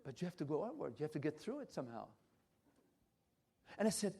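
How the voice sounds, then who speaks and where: A man's voice: high voice, very animated, a little fast. An older man giving a church health lecture, emphatic and repetitive, with frequent hesitant restarts. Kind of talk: health talk at a church conference.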